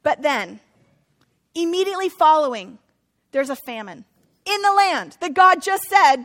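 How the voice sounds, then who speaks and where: A woman's voice: very high voice, sing-song, unhurried, long pauses, fairly bright tone. A middle-aged woman pastor giving a conversational sermon, now and then acting out what biblical figures might say. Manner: conversational preaching, acts out voices of biblical figures.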